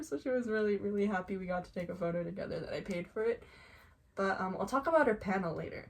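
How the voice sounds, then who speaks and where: Excitable young woman telling stories. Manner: excitable, quick swings into high squeals; gushing, heavy use of "like". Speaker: vlogger. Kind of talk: casual storytelling.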